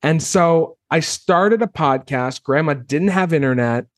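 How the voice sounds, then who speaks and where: A man in his thirties, a guest on an interview podcast, telling his story in a casual, animated way and acting out his own past reactions. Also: on the high side, measured pace, dry recording, studio quality.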